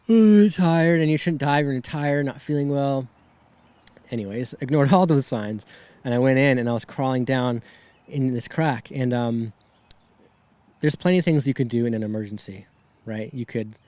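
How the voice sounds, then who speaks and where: A young man, shaken and near tears, recounts a personal story as a podcast guest, with halting, rambling phrasing and many tag questions. His voice sits in the middle of the range, and the recording is dry and close. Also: mid-range voice, darkish tone, dry recording. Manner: rambling, filler-heavy, says "right?" and "man" often.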